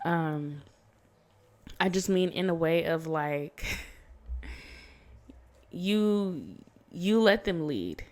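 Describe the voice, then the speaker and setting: A woman with a slightly low voice gives a casual tarot reading on a phone mic. She talks in a chatty, blunt way, swears freely and laughs often. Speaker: tarot reader.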